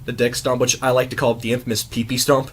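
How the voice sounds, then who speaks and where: Young male host, middle pitch, halting with fillers, faint room ambience. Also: little pitch movement, slight background noise. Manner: hesitant, lots of "um" fillers. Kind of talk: casual chat.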